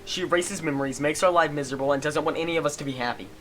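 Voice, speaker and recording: A man's voice: on the high side, rapid-fire, a bit bright, faint music behind, lightly acted. A man reading aloud as an angry young male protagonist in a visual novel game, in an accusing, heated tone.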